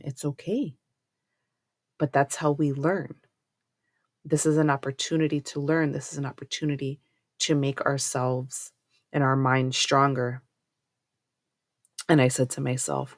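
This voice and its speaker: A woman's voice: sits low, dry recording, studio quality. A woman hosting a podcast, telling a personal parenting story in an earnest, reflective, conversational way that often asks "right?". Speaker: podcast host, homeschooling parent.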